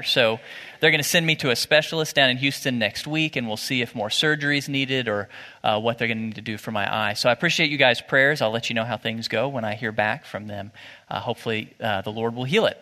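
Male pastor, sermon delivery, conversational yet animated, bright tone, church reverb. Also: medium pitch. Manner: conversational preaching that rises to animated emphasis. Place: church sanctuary. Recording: church hall with long reverb.

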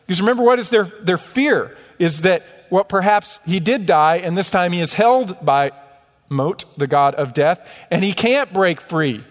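A man preaching a sermon in a church, animated, with mocking asides and rhetorical questions. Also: high voice, normal speed, big-room sound. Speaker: pastor. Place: church sanctuary.

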